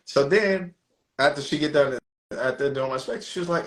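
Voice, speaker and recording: Lively storytelling man with a drawl. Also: high voice, moderate pace. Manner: animated, swears freely, mimics people in quotes. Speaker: podcast co-host. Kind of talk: casual storytelling.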